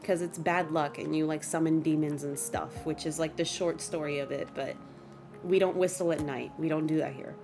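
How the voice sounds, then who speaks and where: A woman's voice: sits low, fairly even intonation, moderate pace. A young woman streaming from home, chatting casually and expressively with her viewers, dramatic about small things and dropping Spanish phrases into her talk. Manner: self-mocking, dramatic complaints. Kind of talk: casual livestream chat with viewers. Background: faint background music.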